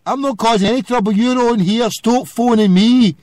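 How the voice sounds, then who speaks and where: On a phone-in radio rant, a Scottish host with a very high-pitched, darkish voice abuses a caller, ranting and throwing insults at normal speed. The recording is dry.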